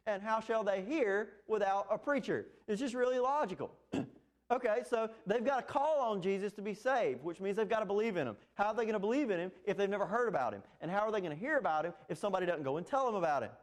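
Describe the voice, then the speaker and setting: A man's voice: high-pitched, expressive, fast. A man preaching an expository sermon, earnest and emphatic, with fillers and restarts. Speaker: pastor.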